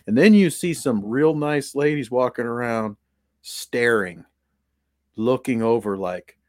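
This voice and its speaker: A man recounting a trip in a relaxed chat, acting out the lines of the people in his story. His voice sits in a middle range and sounds dry and close, with no room around it. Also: mid-range voice, unhurried, dry recording. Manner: animated storyteller, acts out quotes. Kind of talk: casual chat.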